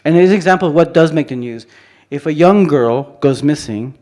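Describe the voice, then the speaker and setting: Expressive and brisk, with a somewhat high pitch and a darkish tone, a photographer addresses a conference hall in an informal talk about his photos. He rambles, keeps restarting sentences, and fills gaps with "you know."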